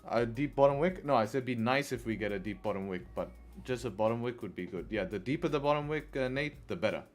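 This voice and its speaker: A man's voice: mid-range voice, expressive, fast, soft background music. Chatty man streaming live trades. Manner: chatty, addresses viewers as guys, laughs often in frustration. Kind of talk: live trading commentary.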